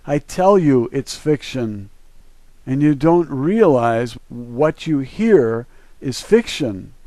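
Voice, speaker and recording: This man, an online video host from the northern United States, has a medium-pitched, dark voice recorded without echo. He delivers an emphatic, opinionated monologue in a preachy way, urging his viewers on.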